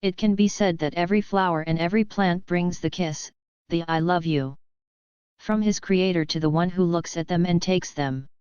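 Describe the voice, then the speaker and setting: Woman reading devotional text, smooth and dull. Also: on the low side, fairly quick, darkish tone, no room sound. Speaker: reader of devotional writings. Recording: dull lo-fi dry recording.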